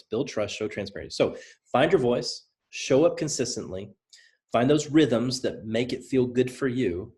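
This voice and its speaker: This presenter, a man with a fairly low pitch and a Southern US accent, coaches his team through a motivational training session. He keeps it energetic and conversational, saying key points again for emphasis.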